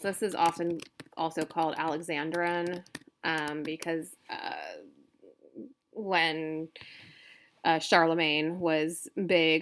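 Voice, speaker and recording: A woman's voice: lowish voice, a bit bright, clean tone. A woman instructor giving a recorded lecture, explaining step by step with frequent fillers and restarts.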